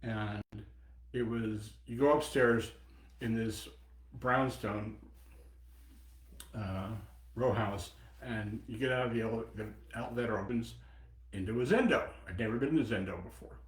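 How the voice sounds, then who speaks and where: A man in his seventies giving a dharma talk as a Buddhist teacher, reflective, pausing and personal. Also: lowish voice. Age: 70s. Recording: echoey meeting room.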